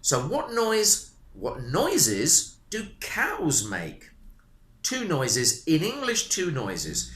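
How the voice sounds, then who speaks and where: A man teaching a beginner language lesson, speaking slowly with a lot of repetition and animated intonation. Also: on the high side. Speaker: English teacher. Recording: roomy echo.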